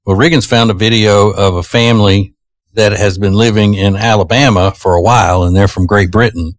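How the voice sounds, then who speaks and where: A man's voice: lowish voice, steady tone, normal speed, no room sound. A man with an American Southern accent chatting on air as a radio host, rambling and easygoing with lots of fillers. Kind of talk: casual chat.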